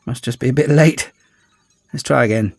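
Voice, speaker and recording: A man's voice: medium pitch, moderate pace, vocal fry, darkish tone, dry recording. A man voicing a spiteful, boastful male villain who taunts his enemies in a sing-song way. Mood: sheepish.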